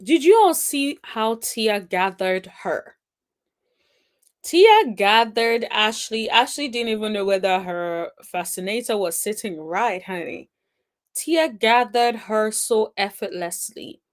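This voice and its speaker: A woman's voice: medium pitch, expressive, slow pace. A woman hosting a reality TV recap, reacting to clips in a chatty, sassy way and humming "mm-mm-mm" in approval. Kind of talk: casual commentary on show clips.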